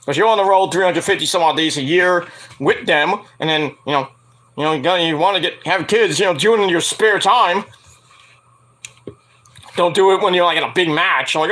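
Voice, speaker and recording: A man's voice: on the high side, a bit bright. A man hosting a casual wrestling news show, rambling and profane, laughing at his own jokes. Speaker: podcast host.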